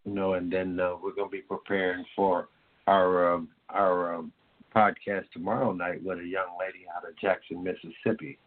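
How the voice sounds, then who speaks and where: Man from Indiana, low-ish voice, loose rambling radio host heard over a telephone line. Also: flat delivery, moderate pace. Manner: rambling, heavy on fillers. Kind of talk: casual talk-radio chat. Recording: tinny phone-line sound.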